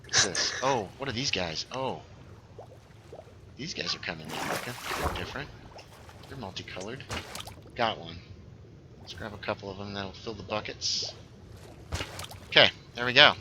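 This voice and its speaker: Bright-voiced chatty male streamer. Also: fairly low pitch, animated, normal speed, long pauses, slight background noise. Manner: easygoing, chatty, laughs often. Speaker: streamer playing Minecraft with a friend. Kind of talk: casual gameplay chat.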